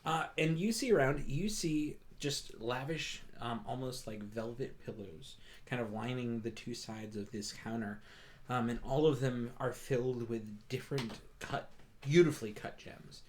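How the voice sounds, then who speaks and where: A man's voice: mid-range voice, measured pace. A man running a tabletop game as game master, describing scenes at length with frequent hesitations. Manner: descriptive, many fillers and restarts.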